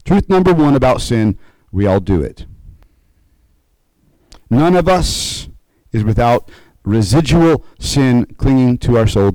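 A man preaching a conversational sermon, slowing and rising to stress key points and checking in with his listeners. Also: lowish voice, mellow, dry recording, poor audio. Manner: conversational preaching, frequent "okay?" check-ins. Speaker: pastor.

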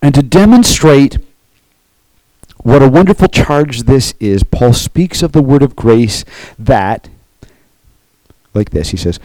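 A man's voice: mid-range voice, animated, unhurried, dark tone, no room sound, low-quality recording. A man preaching a sermon as pastor, earnest, often checking in with the congregation by asking "okay?".

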